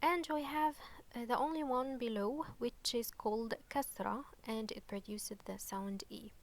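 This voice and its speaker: A woman teaching an online lesson, patient and unhurried, checking in often with "okay?" and pausing on fillers. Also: a little high, fairly even intonation. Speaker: Arabic teacher.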